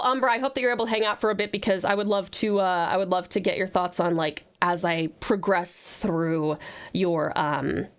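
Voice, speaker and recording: Australian woman, streamer, high bouncy voice, doting, swears freely. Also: a bit bright. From Tasmania, Australia. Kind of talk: casual live-stream chat.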